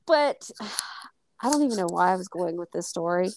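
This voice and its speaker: A woman co-hosting a casual podcast, telling a story with lively acted-out quotes and plenty of swearing. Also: fairly low pitch, normal speed, gravelly, a little hiss or hum. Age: adult. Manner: animated, acts out quoted dialogue, swears freely. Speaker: podcast co-host.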